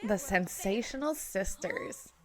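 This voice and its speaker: A woman's voice: medium pitch, wildly swooping pitch, takes it slowly. A young woman chatting casually and giggling as she reacts to a cartoon at home. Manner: chatty and giggly, full of filler "like". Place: home room at a desk chair.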